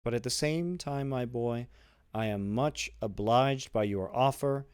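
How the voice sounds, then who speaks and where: A man's voice: mid-range voice, unhurried, darkish tone, clear, resonant tone, dry recording, studio quality, close to an everyday voice. A man reading as a fawning, greedy tailor. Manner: ingratiating, insistent. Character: greedy fawning neighbor, male tailor in his twenties.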